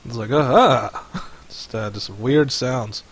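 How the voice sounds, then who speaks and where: A man's voice: on the low side, measured pace, slightly rough. A man running a tabletop game as game master over voice chat, rambling with many fillers. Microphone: headset or desk mic on voice chat.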